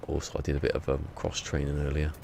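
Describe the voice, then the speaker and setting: A man's voice: rumbling low, completely flat delivery, fast talker, vocal fry, over music. A man streaming a game from home, chatting casually and rambling in a self-deprecating way. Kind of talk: casual live-stream chat.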